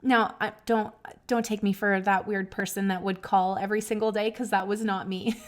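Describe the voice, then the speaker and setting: A woman's voice: medium pitch, steady tone, normal speed. A woman hosting a podcast, telling a personal story in an earnest, emotional way, with many restarts and asides to her listeners. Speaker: podcast host.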